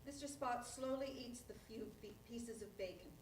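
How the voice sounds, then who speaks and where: A woman reads the stage directions aloud at a live play reading, steady and plain in her delivery. Her voice sounds roomy and picked up from a distance. Faint background noise runs under the room sound. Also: fairly high pitch, normal speed. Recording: echoey room, voice far from the mic.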